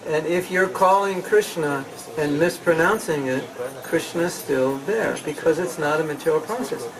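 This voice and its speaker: In a seminar hall, a man with a slightly high voice leads a chanting session, lecturing the audience in a conversational style. He asks rhetorical questions, imitates people who ask him things, and mimics pronunciations; the mic is distant and the recording rough.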